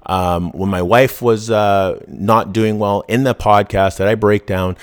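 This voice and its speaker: A man talks through a casual podcast monologue, his voice sitting fairly low. He is blunt and profane and often restarts his sentences. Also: fairly even intonation, unhurried, clear, resonant tone. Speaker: podcast host.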